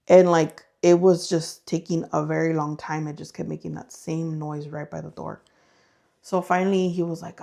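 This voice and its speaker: Woman cohost, kinda low voice, acting out every voice and sound. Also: brisk, vocal fry. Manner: animated, acts out voices and sounds in her stories. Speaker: podcast co-host. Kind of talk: casual storytelling chat.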